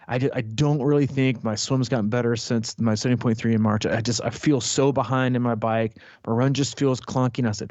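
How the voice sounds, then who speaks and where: A man's voice: medium pitch, fairly quick, darkish tone, no room sound, muffled recording. A man coaching triathletes as a podcast host, talking casually and rambling with many fillers and restarts.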